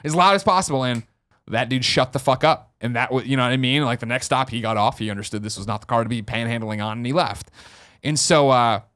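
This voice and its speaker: An American man telling a story on a casual podcast, acting out the quoted lines with sudden loud outbursts. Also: mid-range voice, fast talker. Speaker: podcast host.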